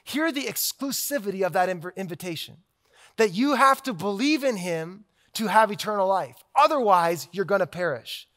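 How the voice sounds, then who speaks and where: A man's voice: high voice, expressive, normal speed, bright, forceful tone. A man preaching a sermon, emphatic, stacking repeated phrases into rhetorical build-ups.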